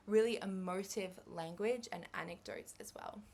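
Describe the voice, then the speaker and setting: A woman's voice: mid-range voice, moderate pace. A young Australian woman giving a revision lecture on English exam skills, chatty and upbeat, with light laughs.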